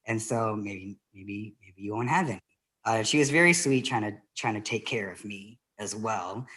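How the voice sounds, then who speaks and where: A woman born in the Philippines performing a virtual stand-up set over a video call, rambling and giggling mid-sentence and dropping into soft, quiet asides. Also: very deep voice, lively intonation, moderate pace. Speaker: stand-up comedian.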